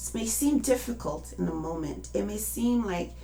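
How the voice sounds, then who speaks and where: A woman's voice: mid-range voice, animated, normal speed, warm tone, slight background noise. A woman in her late fifties giving an impassioned, emotional personal testimony and urging listeners to act. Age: 50s. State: emotional, near tears at times. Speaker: activist speaking to viewers.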